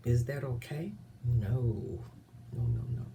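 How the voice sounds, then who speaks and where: A woman vlogger giving impassioned commentary, earnest and often dropping to a hushed whisper. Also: a bass voice, animated, slow, slight background noise.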